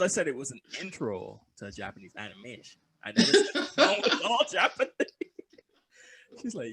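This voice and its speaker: A man's voice: medium pitch, sing-song, brisk, noisy background. A young man co-hosting a podcast in casual chat, joking loosely, swearing freely and laughing often. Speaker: podcast co-host.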